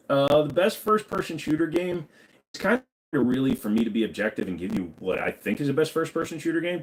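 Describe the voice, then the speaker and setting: A man hosting a casual livestream, reading viewer questions aloud and answering offhand with lots of ums and uhs. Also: mid-range voice.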